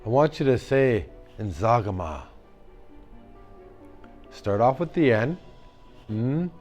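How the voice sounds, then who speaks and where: A man storyteller telling a traditional tale to children, animated, with sound effects and call-and-response teaching words. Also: mid-range voice, slow pace, lo-fi sound, soft background music.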